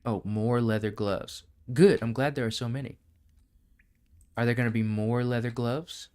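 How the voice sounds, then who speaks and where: A man's voice: mid-range voice, fairly even intonation, moderate pace, a little mellow, smooth. Chatty man thinking aloud while gaming. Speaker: streamer. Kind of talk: casual live-stream gaming chatter.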